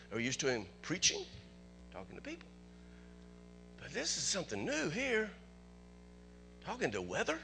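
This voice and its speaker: A man preaching a sermon as pastor, animated, asking the congregation questions and chuckling often. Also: sits high, gravelly.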